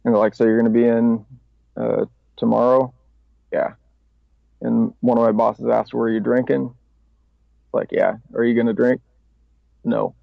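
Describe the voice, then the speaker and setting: A man's voice: mid-range voice, little pitch movement, moderate pace, pauses often, no room sound. A man guest on a podcast, candidly telling his recovery story in a rambling, casual way with swearing and self-mocking laughs. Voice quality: gravelly. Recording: dry, slightly dull podcast audio.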